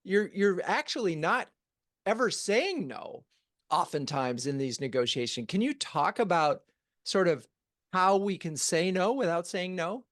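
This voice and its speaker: A male interview host who talks in a halting, friendly way, with fillers and restarts. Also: high-pitched, very animated, a bit bright, no echo, studio quality. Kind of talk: casual interview chat.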